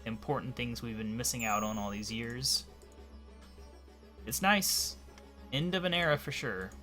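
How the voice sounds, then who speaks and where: A man giving casual, thinking-aloud commentary as he plays a game, his voice a little hoarse. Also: medium pitch, unhurried, faint music behind. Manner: relaxed, thinking aloud while playing. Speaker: let's play commentator.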